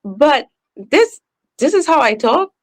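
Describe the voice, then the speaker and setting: A woman's voice: sits high, very animated. A woman with a Trinidadian accent, a professional speaker talking candidly and emphatically as a podcast guest. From Trinidad and Tobago. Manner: candid and emphatic, slows down on purpose. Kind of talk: casual conversation.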